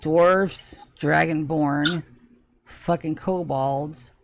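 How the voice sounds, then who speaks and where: A woman voicing a tough, worn-out woman fighter in a low, rough growl. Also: steady tone, very slow, noisy background, exaggerated voice. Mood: gruff. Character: tough young woman fighter, gruff and weary.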